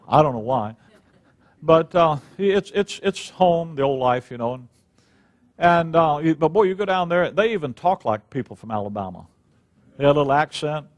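An older man teaching the Bible in a sermon, reading scripture slowly and with emphasis, then drifting into folksy personal stories. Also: fairly high pitch.

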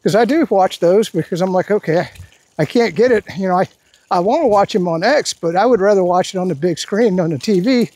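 A man's voice: high voice, fairly quick, a little mellow, slightly rough, dry recording. A man giving a rambling, indignant political rant while out walking his dog, restarting his sentences often. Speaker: political commentary vlogger. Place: outdoors.

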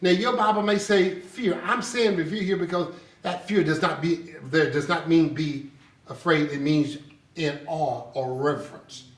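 Man, sermon, slow deliberate delivery, roomy echo. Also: on the high side. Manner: animated storytelling with laughter. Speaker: pastor. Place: church sanctuary. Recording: echoey sanctuary, distant mic.

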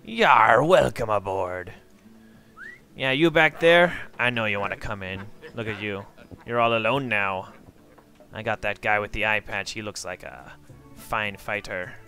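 A man's voice: on the low side, measured pace, sharp tone, soft background music. A man putting on a swaggering pirate captain. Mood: brash. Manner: swaggering pirate talk, bawdy and brash. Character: boastful crude male pirate captain.

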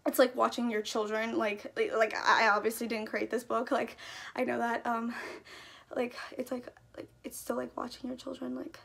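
Young woman, high-pitched, gravelly fry, gushing fangirl vlog chat. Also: level tone, normal speed, fairly bright tone. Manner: gushing, breathless fangirl talk packed with "like". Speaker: YouTuber. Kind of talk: excited casual vlog chat.

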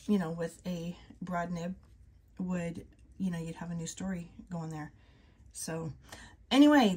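A woman chatting casually as she swatches fountain pen inks. She is soft-spoken, and her voice drifts into whispers now and then. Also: on the low side, slight background noise. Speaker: ink reviewer. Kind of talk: casual chat while swatching ink.

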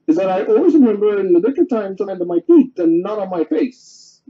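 A man's voice: sits high, lively intonation, fairly quick, slightly rough. A dignified, pompous old storybook owl who speaks with great self-importance, as a man reads him aloud. The recording is dull and lo-fi.

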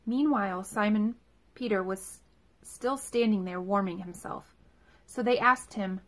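Woman scripture reader, clear measured delivery, mid-range voice. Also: medium pitch, fairly bright tone. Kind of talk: scripture reading.

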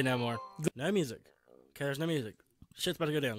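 A man's voice: mid-range voice, expressive, fast, long pauses, fairly bright tone, no room sound, soft background music. A young man giving laughing, sarcastic, profane commentary while playing a game. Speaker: gaming channel host. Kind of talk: let's play commentary.

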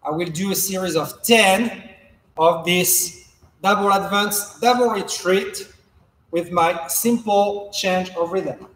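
Man fencing coach, high voice, unhurried calm instruction, roomy echoey hall. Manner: calm, measured instruction, counting out drills while moving. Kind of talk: follow-along footwork class.

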